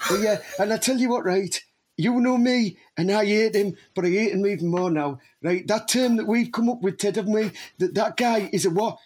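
A man's voice: high-pitched, normal speed, darkish tone, husky. A man co-hosting a podcast, ranting and swearing in rambling casual banter. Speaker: podcast co-host.

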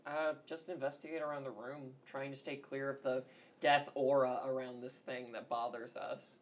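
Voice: medium pitch, flat delivery, moderate pace. A player with a Southern US accent, joking around during a tabletop game. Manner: playful, jokey.

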